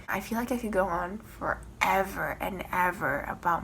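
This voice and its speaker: Young woman book vlogger, dramatic and emotional, mid-pitched, faint hiss behind. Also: normal speed, creaky, hardly any pauses, bright, forceful tone. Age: young adult. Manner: emotional, swearing, laughing, dramatic ranting. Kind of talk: casual vlog chat.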